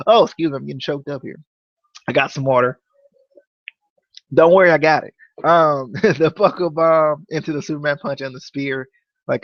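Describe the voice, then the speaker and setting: A young man hosting a casual wrestling review podcast, rambling and stammering, often repeating words when he gets excited. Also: a little high, no room sound, muffled recording. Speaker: podcast host.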